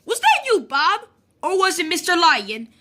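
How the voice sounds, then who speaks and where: An eager little girl bear cub from a storybook squeals with excitement, as a woman reading aloud puts her on. The voice sits very high and swoops about brightly. She talks slowly and keeps the sound lively and sharp. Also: full character voice. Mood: excited.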